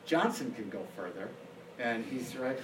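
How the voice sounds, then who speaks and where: A man's voice: medium pitch, expressive, measured pace, roomy sound, very noisy. A male history teacher giving a casual classroom lecture, telling a story with many fillers and restarts.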